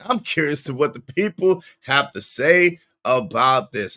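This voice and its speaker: A man hosting a casual livestream, greeting viewers by name, with sudden jumps into squeaky high tones. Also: animated, measured pace, few pauses, sharp tone. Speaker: livestream host.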